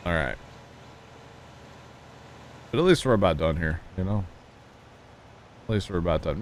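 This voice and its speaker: This is a man casually chatting on a livestream as he plays a farming game, drifting through homespun stories and asides. He speaks unhurriedly in a fairly low, expressive voice with a fairly bright tone, leaving long pauses.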